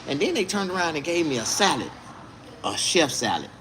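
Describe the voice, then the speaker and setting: A man's voice: a little high, sing-song, a little fast, a bit bright, slight background noise. A man telling a story in a casual, indignant rant, full of swearing. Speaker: vlogger.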